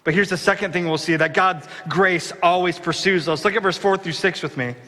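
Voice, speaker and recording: A man's voice: high voice, a little fast, bright, forceful tone, big-room sound. A man preaching a sermon as pastor, with impassioned rhetorical questions. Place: church.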